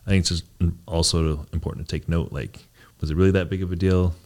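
Deep-voiced man in casual podcast chat. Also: steady tone, fast talker, darkish tone. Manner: rambling, reflective, often adds "right?". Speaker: podcast co-host.

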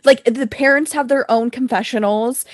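A woman's voice: on the high side, steady tone, moderate pace, no echo. A young woman in her twenties talks in a casual, emphatic way and swears freely. She sounds like a podcast co-host chatting about reality TV. Her voice is dry and close, with no room around it. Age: 20s or early 30s.

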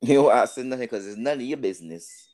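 A man co-hosting a podcast in casual chat. He talks haltingly, repeats words and thinks out loud. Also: medium pitch. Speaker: podcast co-host.

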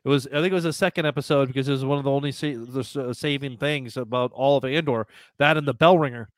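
A man's voice: medium pitch, fast talker, no echo, studio quality. A man co-hosting a podcast, chatty and jokey in casual talk. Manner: chatty, hesitant with restarts, jokey. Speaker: podcast co-host. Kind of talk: casual chat.

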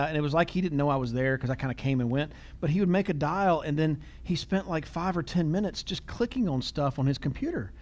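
A man's voice: a little high, a little mellow. A middle-aged man hosting a podcast, talking casually, telling stories with quoted dialogue and laughing easily. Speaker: podcast host.

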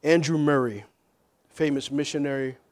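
High-voiced preaching man swinging hushed to loud. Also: steady tone, moderate pace. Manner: call-and-response preaching, swinging from hushed to shouting. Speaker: pastor. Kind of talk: sermon.

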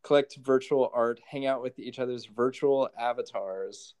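A man's voice: medium pitch, moderate pace, darkish tone, clear, resonant tone. A man co-hosting a podcast in casual chat, wry and teasing, often laughing. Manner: wry, sarcastic, laughs easily. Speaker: podcast co-host.

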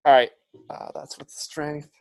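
A man's voice: on the high side, little pitch movement, a little slow, creaky, darkish tone. A man playing a tabletop game, tentative as he asks about rules. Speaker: player. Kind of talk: casual tabletop play.

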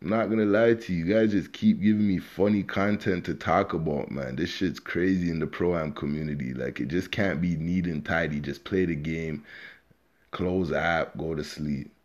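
A man hosts a podcast alone and talks loosely and profanely, straight to his listeners. His voice sits very low. The recording sounds dull and lo-fi, as if made at home. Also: normal speed, darkish tone. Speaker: podcast host. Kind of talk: casual unscripted podcast monologue.

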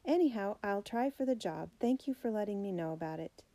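A woman's voice: medium pitch, lively intonation, brisk, dark tone, natural voice. David, an earnest teenage boy, read by a woman. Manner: polite and earnest.

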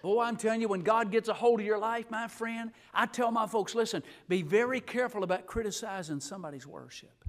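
A middle-aged man preaching a live revival sermon in a church, swinging from hushed asides to shouting, with folksy humor. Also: high-pitched, brisk, hardly any pauses. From Alabama. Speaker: guest pastor. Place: church sanctuary.

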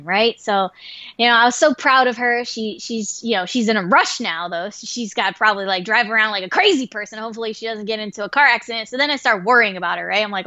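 Woman storyteller, high voice, animated and swearing, dull dry lo-fi sound. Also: moderate pace, dry recording. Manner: animated, profane, full of 'like' and 'right?'. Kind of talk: casual storytelling.

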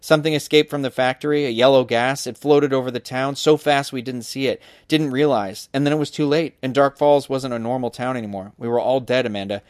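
A man's voice: medium pitch, fairly even intonation, a little fast, hardly any pauses, darkish tone, dry recording, studio quality, natural voice. A man reading aloud as a weary, ghostly older male real estate agent, in a plain, sad storybook manner. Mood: sorrowful.

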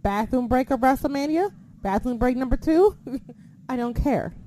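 A woman's voice: sits high, expressive, unhurried, very noisy. A woman co-hosting a casual wrestling podcast, blunt and heavily profane as she rants about the show and her critics. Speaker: podcast co-host.

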